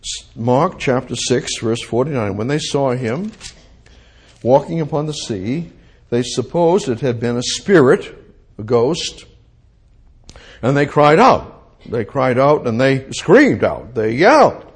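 A male preacher with a husky voice talks at an unhurried pace. His pitch swings widely, sinking to near-whispers and climbing to loud, high cries. He repeats his lines for emphasis. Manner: lively, swings from hushed to loud, repeats phrases. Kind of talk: sermon.

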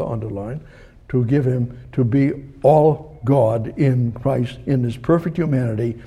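Gravelly-voiced man preaching a sermon. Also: medium pitch. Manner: emphatic, repetitive build-ups, drops to soft prayer. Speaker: pastor.

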